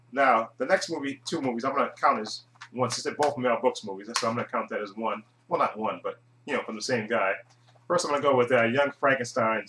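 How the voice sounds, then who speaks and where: A man giving a casual, rambling movie review monologue, chuckling often and filling pauses with "uh". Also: mid-range voice, pushed and bright. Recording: echoey room.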